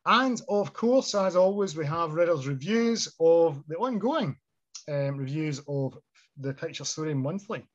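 A man co-hosting a podcast in casual chat, relaxed and chatty, laughing often between remarks. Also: on the high side, a little slow. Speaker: podcast co-host. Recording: dull lo-fi podcast audio.

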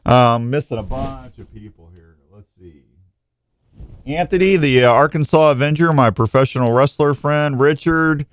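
A man's voice: mid-range voice, moderate pace, no echo. A middle-aged man hosting a casual morning radio show, rambling and self-mocking with lots of restarts and jokes. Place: radio station studio.

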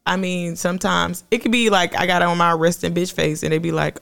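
A young woman co-hosting a podcast, telling stories in a blunt, animated, profane way. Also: on the low side, fairly quick, gravelly. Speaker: podcast co-host. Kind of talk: casual chat.

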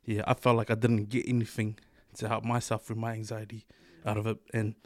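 A man, co-hosting a podcast in casual chat, talking in a relaxed, rambling way with lots of slang. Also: lowish voice, fairly quick, dry recording. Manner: laid-back, rambling, lots of fillers and slang. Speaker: podcast co-host.

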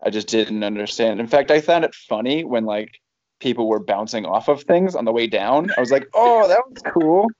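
A man's voice: medium pitch, expressive, brisk, a little mellow, a little hiss or hum. A man chatting casually as a podcast co-host, with dry, wry humor. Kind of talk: casual chat. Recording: dry, dull lo-fi audio.

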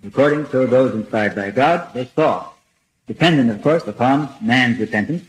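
A man giving an earnest, measured religious lecture, reading from a prepared text and clearing his throat between passages. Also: mid-range voice, poor audio. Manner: measured and earnest, reads quotations aloud.

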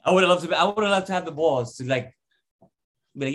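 A man co-hosting a casual podcast, joking and animated, swearing a lot. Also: a little high, a little fast. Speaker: podcast co-host. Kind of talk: casual chat.

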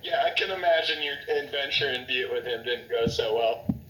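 A man's voice: medium pitch, brisk, fairly bright tone, echoey room, slight background noise, low-quality recording. A man recounting school memories with friends, swearing freely and chuckling through the telling. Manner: profane, chuckling storyteller. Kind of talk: casual storytelling chat.

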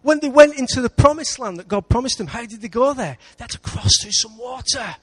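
A man with an English accent preaching a sermon in church, lively, with big swings between loud and quiet. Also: very high-pitched, fairly quick, breathy edge. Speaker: pastor.

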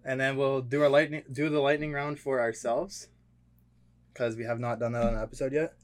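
A young man co-hosts a podcast. He talks in an easygoing, rambling way, leaning on fillers, at an ordinary mid pitch. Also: little pitch movement, a little fast. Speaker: podcast co-host. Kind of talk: casual podcast chat.

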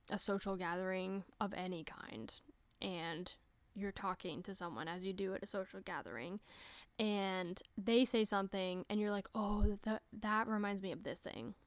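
A young woman hosting a casual solo podcast, chatty and giggly, swearing freely and breaking into quick voices. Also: mid-range voice, clear, resonant tone, no echo. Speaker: podcast host.

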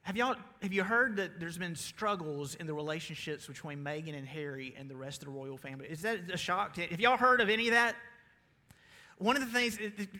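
A man with a Southern US accent preaching a sermon as pastor, energetic and calling out to his congregation. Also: sits high. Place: church sanctuary. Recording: long reverb of a large hall.

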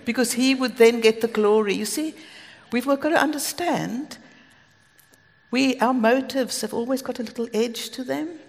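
South African woman preaching, gravelly voice. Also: fairly high pitch, moderate pace. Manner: earnest, storytelling, with asides and light laughs. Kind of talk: sermon. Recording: long hall reverb.

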